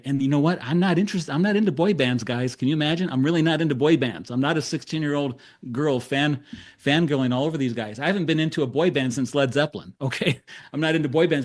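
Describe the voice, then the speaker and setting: A middle-aged man, a therapist, telling a case story in a talk, acting out the dialogue with self-deprecating humor. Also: medium pitch. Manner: animated storyteller who acts out quoted dialogue. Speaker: therapist presenting case studies.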